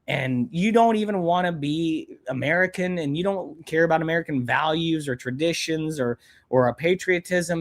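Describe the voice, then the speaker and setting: A young man hosting a live stream, ranting angrily and bluntly with plenty of swearing. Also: fairly high pitch. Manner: angry, profane, blunt ranting.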